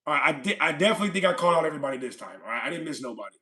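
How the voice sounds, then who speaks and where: A man's voice: a little high, animated, very fast, bright, forceful tone. A man from California hosting a livestream, chatting casually and reading viewer comments aloud, rambling and repeating himself with frequent laughs. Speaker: livestream host.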